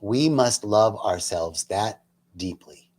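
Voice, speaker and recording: A man telling a personal spiritual story in an earnest, emotional way. He is casual and chatty with self-mocking asides, and he drops to soft, near-whispered passages before rising loud again. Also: fairly low pitch, animated, slow. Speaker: spiritual talk host.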